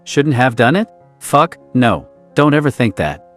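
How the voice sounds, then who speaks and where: A man's voice: mid-range voice, sing-song, measured pace, a bit bright, soft background music. A man voicing a vulnerable young man who swears often and speaks with earnest emotion. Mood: tender.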